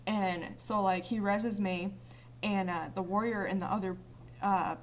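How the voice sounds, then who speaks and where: A woman's voice: mid-range voice, steady tone, a little slow. A young woman ranting casually about an online game, exasperated and swearing freely as she retells what others said. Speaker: vlogger.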